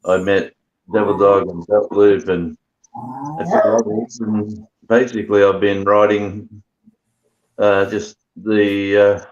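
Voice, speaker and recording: A man from Australia, a guest on a livestream, speaking in a halting, hesitant way. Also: lowish voice, little pitch movement, background noise. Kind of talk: casual livestream chat. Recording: dull lo-fi stream audio.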